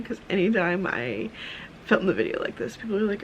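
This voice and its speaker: A woman, casually vlogging at home early in the morning, chatty and rambling, with a tired, husky morning voice. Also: fairly low pitch, sing-song, moderate pace, a little hiss or hum, poor audio. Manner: chatty, rambling, with many fillers. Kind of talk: casual vlog chat. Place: dim home room at a desk, early morning.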